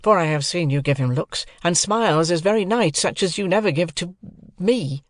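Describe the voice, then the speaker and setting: An audiobook reader voicing an earnest young man who speaks in a slow, hurt and pleading way. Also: sits high, animated, no room sound, clean studio sound, pitched above the performer's own voice. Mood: reproachful. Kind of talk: audiobook character voice.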